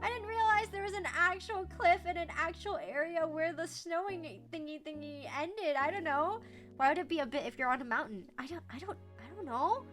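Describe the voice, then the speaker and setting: A young woman with a very high, girlish voice chats casually on her stream, giggling often and swearing lightly as she talks. Soft music plays quietly in the background. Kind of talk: casual chat.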